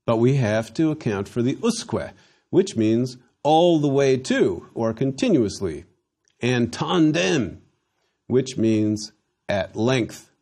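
A man teaching a Latin lesson, slowly drilling phrases for students to repeat, with dry humor. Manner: dry humor, slow emphatic drills with lively pitch. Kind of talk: recorded language lesson.

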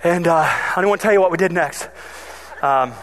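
A man preaching a sermon, telling funny stories from his childhood in an animated way. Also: fairly high pitch, brisk, a little hiss or hum. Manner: animated, humorous storyteller. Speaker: pastor. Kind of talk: sermon with personal storytelling.

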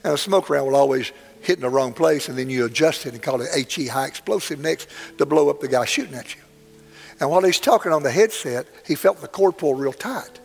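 A man's voice: on the high side, animated, fairly quick, creaky, breathy edge. An older man preaching a sermon, telling a story in a plainspoken, earnest way that swells dramatically. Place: church sanctuary. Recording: long hall reverb, faint music.

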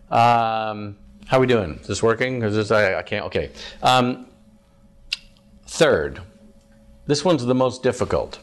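A man's voice: lowish voice, big pitch swings, normal speed, pauses often. A man teaching a live group about evangelism as a campus minister, chatty, asking the audience questions, with frequent ums.

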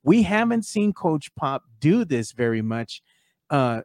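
A man's voice: on the high side, big pitch swings, slow pace, a little mellow, no room sound, studio quality. A man hosting a casual sports talk show, talking loosely with lots of fillers and reading out fan posts. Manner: conversational, many fillers, reads fan posts aloud. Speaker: podcast host.

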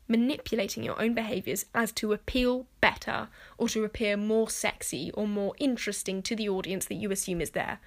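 A young woman talks casually to the camera in a chatty way, swearing freely and peppering her speech with "like." Her voice is medium-pitched with a fairly bright tone.

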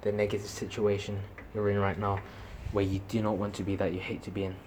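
A young man in his late teens talks straight into his own podcast, earnest and a little rambling as he urges listeners on. His voice sits on the low side. A constant layer of background noise runs under the recording. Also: flat delivery, fast talker, a little mellow. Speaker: podcast host. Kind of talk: solo motivational podcast monologue. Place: at home at night.

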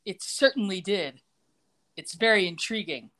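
A woman's voice: mid-range voice, lively intonation, a little slow, a bit bright. A woman co-hosting a podcast, casually recapping a TV episode in a chatty way with frequent laughter. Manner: chatty, giggly, often laughing mid-sentence. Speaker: podcast co-host.

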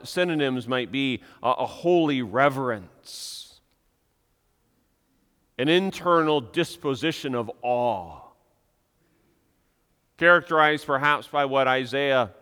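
A male pastor delivers an earnest, emphatic sermon, leaning on repetition to drive his points home. His voice is bright and clear, with a smooth, resonant tone. The sound carries the long reverb of a church sanctuary. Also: mid-range voice.

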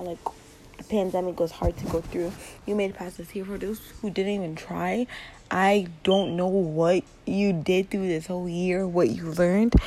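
A woman's voice: lowish voice, vocal fry, darkish tone, low-quality recording. A teenage girl hosting her first casual podcast late at night at home, rambling and repeating words with a giggly manner, recorded on a laptop mic. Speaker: podcast host.

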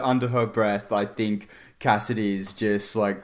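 A man playing a tabletop game, describing his character's actions in a playful, relaxed way. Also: fairly low pitch, measured pace, hardly any pauses. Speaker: player.

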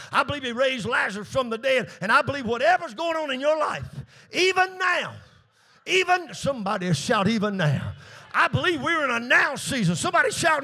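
In a call-and-response sermon, a male pastor swings between hushed, low asides and shouted peaks.

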